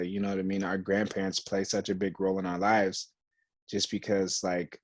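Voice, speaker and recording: A man's voice: low voice, darkish tone, dry recording. A young man co-hosting a podcast, chatting casually and acting out quotes as he tells a story, swearing freely and using lots of slang. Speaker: podcast co-host. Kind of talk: casual chat.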